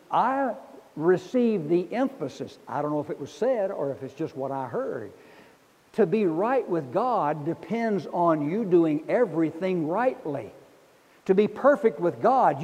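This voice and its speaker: A man preaches a sermon as pastor, telling stories and drawing the congregation into answering him. His voice sits high and moves around a lot, with a mellow, soft-edged tone. The sound rings out with the long reverb of a large hall. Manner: storytelling preacher who leads the congregation in responses.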